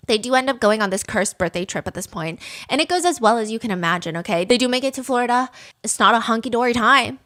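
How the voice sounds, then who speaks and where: A young woman with a fairly high voice tells a true crime story in a loose, chatty way. She is opinionated and swears freely, filling her sentences with "like." She sounds like someone talking to friends. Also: expressive, quick pace, fairly bright tone. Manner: chatty, profane, opinionated, many "like"s. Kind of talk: casual storytelling.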